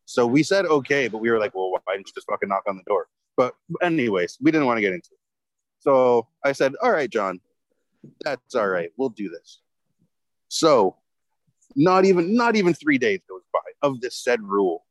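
Man spinning a long anecdote, profane and rambling, even mid pitch. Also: moderate pace, dry recording, poor audio. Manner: rambling, heavy swearing, lots of fillers. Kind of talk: casual storytelling chat.

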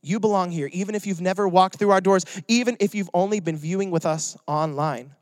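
High-voiced young pastor, joking sermon. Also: male voice, a little fast, dry recording. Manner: joking, conversational.

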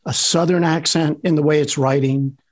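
A man's voice: a little high, fairly even intonation, normal speed. A man hosting a casual chat, playfully asking provocative devil's-advocate questions. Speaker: podcast host.

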